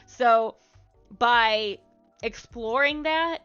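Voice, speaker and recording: A woman's voice: on the high side, extremely slow, fairly bright tone, clear, resonant tone. A woman hosting a livestream, talking loosely and frankly with lots of "like" and "um", and swearing casually. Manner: loose, rambling, full of "like" and "um". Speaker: livestream host giving social advice. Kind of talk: casual advice talk on a livestream. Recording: slightly muffled stream audio with faint music.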